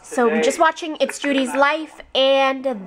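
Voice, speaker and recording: A woman's voice: sits high, unhurried, crowd noise. A young woman vlogging casually from her apartment bedroom into a handheld camera, chatty and rambling with frequent giggles. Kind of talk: casual vlog chat.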